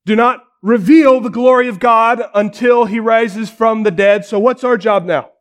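A male pastor preaching a sermon with dramatic storytelling, often dropping to a near-hush for weight. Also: very high-pitched, fairly even intonation, a little slow.

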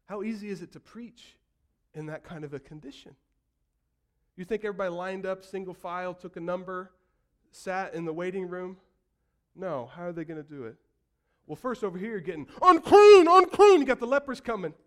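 Dramatic preaching man, rather high voice. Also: a little fast. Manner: storytelling preacher, acts out quotes and builds to shouts. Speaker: pastor. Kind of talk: sermon.

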